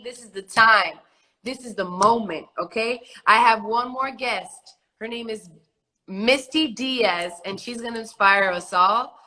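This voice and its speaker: A woman's voice: on the high side, pushed and bright, low-quality recording. A woman with a New York accent hosting a casual livestream chat, loose and chatty, laughing often. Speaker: host. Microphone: phone on a livestream video call.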